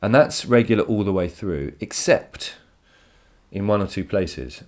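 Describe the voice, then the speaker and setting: A man's voice: lowish voice, lively intonation, unhurried, a little mellow. A male teacher giving a recorded poetry lesson from home, enthusiastic and explanatory, often repeating words as he thinks.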